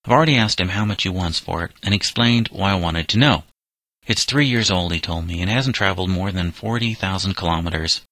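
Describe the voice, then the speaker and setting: A man narrating a children's novel aloud in a steady storytelling manner, giving the boys light character voices. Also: low-pitched, brisk, no room sound. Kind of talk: audiobook reading of a children's novel.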